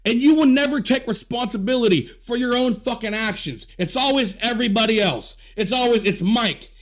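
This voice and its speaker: A man's voice: extremely high pitch, animated, normal speed. Guy ranting hard, swearing nonstop, voice jumps all over. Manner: heated, profane, repetitive scolding. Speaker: commentator. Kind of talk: angry rant to camera.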